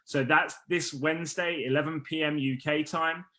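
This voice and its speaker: A man hosting a casual business team call, energetic and rallying, who says he is losing his voice. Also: fairly high pitch, moderate pace. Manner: energetic, rallying, restarts often.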